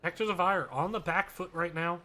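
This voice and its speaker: Guy casting a live esports match, high voice, chatty play-by-play with little side tangents. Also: sharp tone, a little hiss or hum. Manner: brisk, chatty, with asides. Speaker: esports caster.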